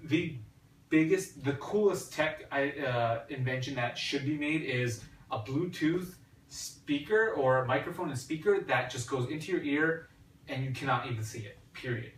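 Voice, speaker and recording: A man's voice: a little high, moderate pace. A man hosting a podcast, chatting casually about tech and hesitating often with fillers and restarts. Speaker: podcast host. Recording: echoey room, distant mic, faint hiss.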